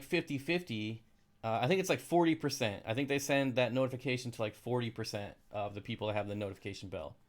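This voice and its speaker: Casual male streamer, rambling chat, dry sarcasm, frustrated asides. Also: medium pitch. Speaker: aquarium channel live streamer. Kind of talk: casual live stream chat reading comments.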